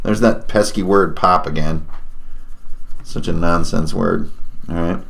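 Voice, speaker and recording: A man's voice: deep voice, steady tone, measured pace, vocal fry. A man livestreaming as he draws, chatting casually, musing aloud and laughing often. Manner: laughs often, muses aloud while drawing. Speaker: artist streaming while drawing.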